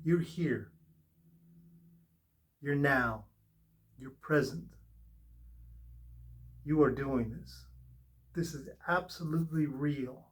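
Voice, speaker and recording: A man's voice: medium pitch, drawn-out words, long pauses. A man giving a spiritual tarot reading in an earnest way, repeating short reassuring phrases. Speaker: tarot reader.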